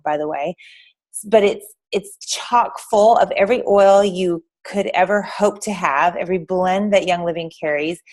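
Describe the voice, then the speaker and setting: Woman from Texas, chatty and earnest, leads a small informal class. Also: mid-range voice. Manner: earnest, chatty, addresses the audience directly. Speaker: speaker at an essential oil class. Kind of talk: informal talk to a small group.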